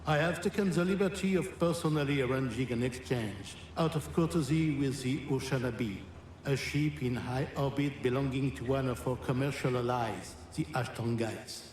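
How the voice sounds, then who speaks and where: A man's voice: medium pitch, normal speed, a little mellow, slight background noise, close to an everyday voice. Henri Bargeville, a man doing a flowery French lobbyist. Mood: genial. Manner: smooth, flowery, grandiose. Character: suave French male council philosopher-lobbyist. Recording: distant echoey game audio.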